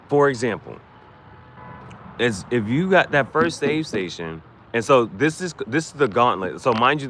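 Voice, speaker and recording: A man's voice: medium pitch, fairly bright tone, slight background noise. A man streaming a video game, giving rambling tips in casual commentary and often restarting his sentences. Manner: rambling, restarts a lot, breaks into quick rap freestyles for gifts. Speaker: gaming streamer.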